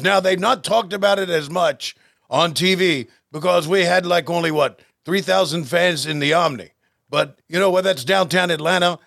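A man co-hosting a podcast, chatting casually in a jokey, rambling, halting way. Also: sits high, vocal fry, a bit bright, dry recording, clean studio sound. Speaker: podcast co-host. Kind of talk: casual chat.

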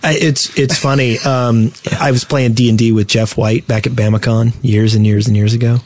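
A man from the United States co-hosting a casual gaming podcast, tossing in quick joking asides. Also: medium pitch, fairly even intonation, darkish tone, dry recording. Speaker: podcast co-host.

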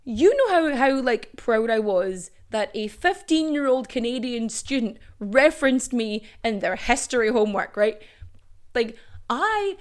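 A woman's voice: a little high, lively intonation, a little slow. A young woman hosting a solo podcast, chatty and jokey, swearing freely and breaking into playful asides. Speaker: podcast host. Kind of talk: casual solo podcast monologue.

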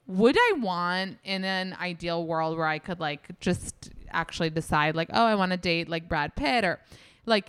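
A woman's voice: medium pitch, a bit bright, smooth, no echo. A woman chatting as a podcast guest, candid and profane, with lots of "like" fillers. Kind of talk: casual podcast chat.

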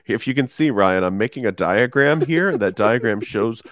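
A man's voice: medium pitch, lively intonation, moderate pace, a little hiss or hum. A man co-hosting a casual sports chat, telling rambling stories with laughs and restarts. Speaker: podcast co-host.

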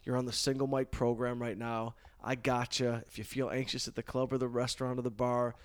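A man's voice: mid-range voice, brisk, clear, resonant tone. A man in his forties hosting a casual chat, telling stories with energy, swearing and slipping into playful voices. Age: 40s. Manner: animated storyteller, swears, slips into playful voices. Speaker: podcast host.

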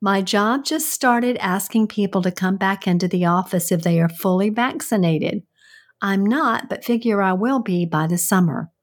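A woman's voice: medium pitch, moderate pace. A middle-aged woman co-hosting a radio show with her son, chatting casually and reading listener letters with lots of laughter. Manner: giggly, reads listener letters aloud. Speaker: co-host, host's mother. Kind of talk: casual chat.

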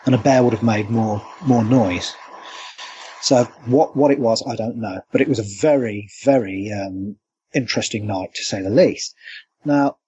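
A man, a cryptozoologist guest, telling stories in an animated, anecdotal way during an interview. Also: mid-range voice, moderate pace, breathy edge. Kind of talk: storytelling interview. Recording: dull lo-fi remote line.

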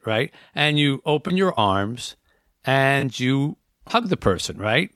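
A man's voice: mid-range voice, animated, a little slow, fairly bright tone, dry recording. A man reading a memoir passage aloud, then reflecting in earnest, conversational talk with restarts as he thinks aloud.

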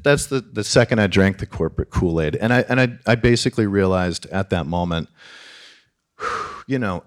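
A man telling a personal story on stage, animated, swearing and stammering as he acts out what people said. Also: sits low.

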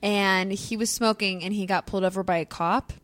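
A woman's voice: medium pitch, fairly even intonation, fairly quick, a bit bright, no room sound. A woman chatting on a casual comedy podcast, telling stories with plenty of giggles.

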